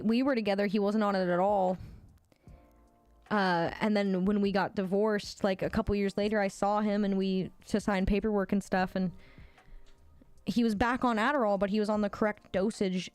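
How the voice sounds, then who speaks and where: A woman's voice: mid-range voice, a little mellow, dry recording. A woman in her thirties livestreaming, chatting casually with viewers and reading their messages, blunt and swearing freely with frequent laughs.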